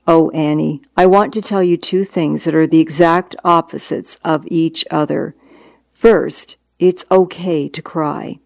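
A memoir narrator with a middling pitch reads in a calm, measured, reassuring way. The close mic leaves the voice dry and free of room sound. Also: vocal fry, no echo. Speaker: hospice doctor narrating.

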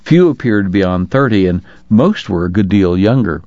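A man reading an audiobook in a measured, even way. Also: low voice, dry recording. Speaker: narrator. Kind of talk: audiobook narration. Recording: dull lo-fi dry recording.

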